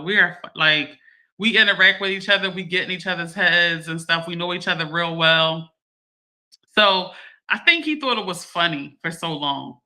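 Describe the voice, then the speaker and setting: A woman, hosting a livestream and chatting to her viewers in a lively way, laughing often. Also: lowish voice. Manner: animated, laughing, addresses viewers as y'all. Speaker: livestream host. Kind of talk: casual chat to a live audience.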